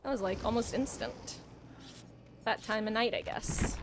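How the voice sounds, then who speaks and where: A woman's voice: on the high side, measured pace, noisy background. A woman streaming live, chatting casually and cooing over her cat between game talk.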